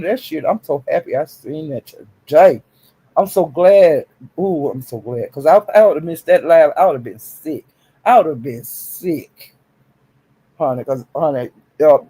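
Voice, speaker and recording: A man talking casually and sassily on a live stream, swinging into high exclamations. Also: a little mellow.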